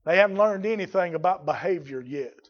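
A man preaching a folksy, blunt sermon that builds to shouting. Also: high voice, lively intonation, a little fast, dull audio.

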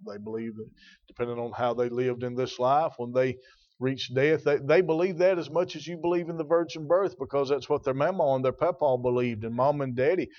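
A man's voice: medium pitch, muffled recording. Emphatic preacher man. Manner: emphatic preaching with rising volume and drawn-out stresses; addresses congregation members by name. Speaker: pastor. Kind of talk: sermon.

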